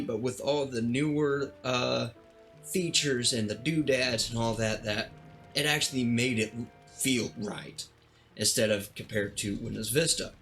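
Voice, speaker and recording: An exasperated man rants in a casual stream, piling on dramatic complaints and tripping over restarts. His voice sits in a middle pitch, with faint music playing behind him. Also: fairly even intonation, measured pace, a bit bright. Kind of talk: casual ranting vlog.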